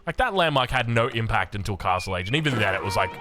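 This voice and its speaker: A man with an Australian accent casting a strategy game in excitable, chatty commentary. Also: on the low side, fast. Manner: excitable, animated, chatty, laughs often. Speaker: game caster.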